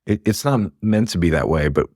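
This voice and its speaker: A man's voice: low-pitched, animated, fairly quick, a little mellow, dry recording, clean studio sound. A man guest on a podcast, talking about happiness at work in a rambling, self-interrupting way and laughing often. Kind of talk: casual podcast conversation.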